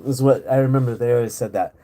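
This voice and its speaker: A man's voice: medium pitch, fairly even intonation, quick pace, dark tone. A man chatting casually and rambling on a live stream from home, with lots of fillers and easy laughter. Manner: rambling, laid-back, laughs often, many fillers. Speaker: livestream host. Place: home in rural area.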